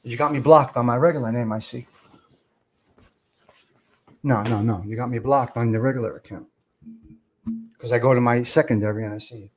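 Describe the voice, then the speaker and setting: A man's voice: medium pitch, steady tone, a little fast, pauses often, faint music behind. A man hosting a casual live stream, rambling and swearing as he talks to viewers in the comments.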